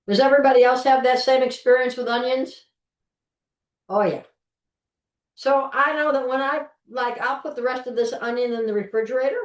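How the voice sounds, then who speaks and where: A middle-aged woman leading a live online cooking class from her home kitchen, talking in a folksy, chatty way and often restarting her sentences while she works. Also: a little high. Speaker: cooking instructor. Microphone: video call from a distance. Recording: roomy kitchen, mic far off.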